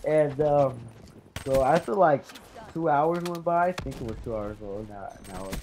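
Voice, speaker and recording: A man's voice: a little high, moderate pace, a little mellow, slight background noise. A fourteen-year-old boy telling an embarrassing story to his viewers, rambling, swearing and calling out "guys". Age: teenager, fourteen. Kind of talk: casual storytelling to camera.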